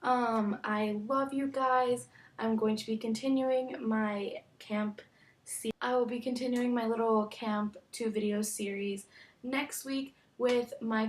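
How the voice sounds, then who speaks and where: A young woman vlogger telling a story casually, chatty and animated, acting out quoted lines. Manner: chatty, animated, acts out quotes with big pitch jumps.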